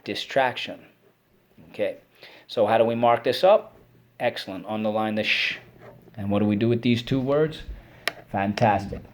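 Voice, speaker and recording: A man's voice: on the low side, normal speed, long pauses. A male teacher giving an online spelling lesson to children, breaking words into syllables and praising his pupils as he goes.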